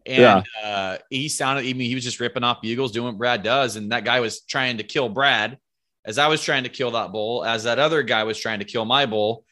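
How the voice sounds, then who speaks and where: A man telling hunting stories as a guest in a casual podcast interview, animated and rambling, with free swearing. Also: medium pitch, moderate pace. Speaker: podcast guest, bow hunter.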